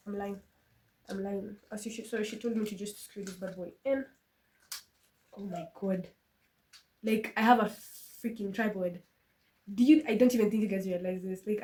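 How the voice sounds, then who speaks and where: A young Kenyan woman chats through a vlog from her room, slipping between English and Swahili and breaking into high shrieks of excitement. Her voice is a little stuffy from a flu. She is picked up from a few steps away on a phone, with a clear hiss of background noise underneath. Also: distant mic. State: congested with a flu, coughing. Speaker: vlogger. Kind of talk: casual vlog chat.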